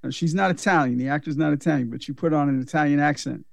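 Gravelly guy on a podcast, fired-up movie opinions, curses a lot, dry sound. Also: a little high, quick pace, no echo. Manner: emphatic, enthusiastic, swears freely. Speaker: podcast co-host. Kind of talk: casual movie review chat.

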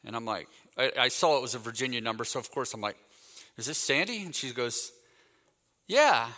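A man's voice: mid-range voice, fast talker, in a large hall. A man in his fifties, raised in Texas, giving a sermon as a guest speaker, telling stories and acting out the dialogue in them. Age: 50s. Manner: animated anecdotal storytelling, acts out quoted dialogue. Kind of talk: sermon with storytelling.

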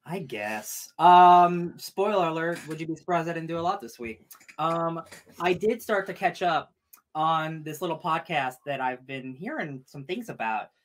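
A man co-hosting a live-streamed podcast, chatting casually in an excitable, rambling way and laughing often. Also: fairly high pitch, moderate pace. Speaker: podcast co-host.

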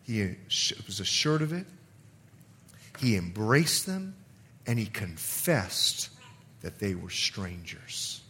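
A middle-aged man, a pastor, preaching a sermon in an animated way, acting out quotes and laughing often. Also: fairly low pitch, slow, long pauses, slight background noise.

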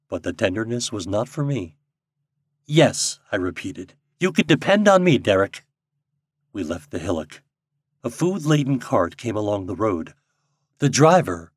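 A man narrating a story aloud as an audiobook reader, in an expressive storytelling manner. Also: lowish voice, no room sound, studio quality. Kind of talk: scripted narration.

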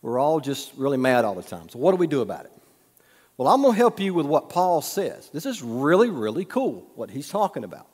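Folksy pastor in a reverberant hall. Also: male voice, fairly high pitch, very animated, brisk, breathy edge. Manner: folksy storytelling, humorous asides, drops to a soft hush. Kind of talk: sermon.

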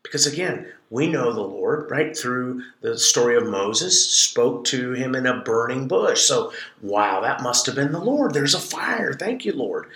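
A man co-hosting a ministry podcast, teaching from scripture in an animated way and dramatizing the verses with shifting voice. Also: mid-range voice, unhurried, few pauses, roomy sound. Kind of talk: conversational Bible teaching.

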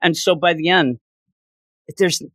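A man chatting casually on a podcast, recapping a manga chapter in an animated, excitable way. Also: a little high, measured pace, dry recording, clean studio sound. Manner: animated, excitable retelling with playful voices for characters. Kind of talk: casual chat.

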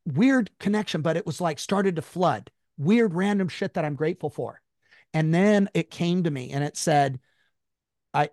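A man, a guest in an interview, telling a personal story in an emphatic, high-strung way and swearing freely. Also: a little mellow, no echo, studio quality.

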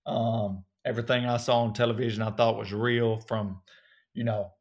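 A man in his thirties from North Alabama with a strong Southern accent, a guest telling relaxed, folksy stories in an interview. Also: mid-range voice, normal speed. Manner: relaxed, folksy storytelling with many fillers. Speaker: actor guest. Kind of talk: casual interview.

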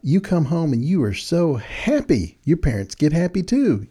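An older man giving friendly, animated advice to young people in a folksy storytelling manner. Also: a little high, normal speed, hardly any pauses, breathy edge. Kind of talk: casual talk.

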